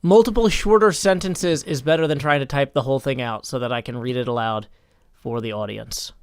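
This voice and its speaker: A man hosting a livestream, speaking in a measured, mock-formal way, like a judge holding court. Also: mid-range voice, clear, resonant tone, no echo, studio quality. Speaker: streamer hosting a game server. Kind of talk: casual livestream chat.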